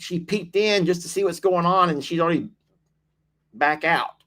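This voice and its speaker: A man's voice: high-pitched, normal speed, a bit bright. A man hosting a casual livestream, chatting, reading viewer comments aloud, laughing often and teasing. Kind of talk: casual live-stream chat.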